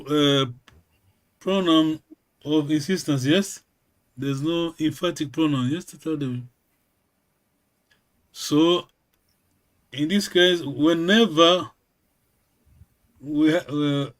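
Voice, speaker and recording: A man who speaks natively, teaching a lesson over a video call, slow and patient, often checking in with a quick "yes?". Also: fairly high pitch. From Congo region, Kikongo-speaking village. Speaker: language teacher. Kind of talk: online language lesson.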